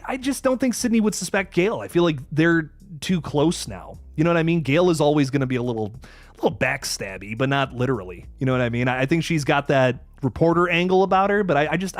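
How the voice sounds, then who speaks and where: Young male streamer, slightly high voice, frustrated rambling rant with restarts, dry close mic. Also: no echo. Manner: exasperated, rambling, stammering restarts, swears. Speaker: host of a live movie review stream. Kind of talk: casual live-stream review, reading donations.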